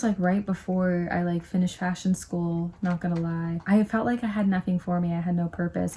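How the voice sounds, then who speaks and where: Gravelly-voiced young woman chatting casually. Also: on the low side, dark tone, a little hiss or hum. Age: young adult. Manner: chatty, rambling, lots of "like". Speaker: vlogger. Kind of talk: casual chat. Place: at home.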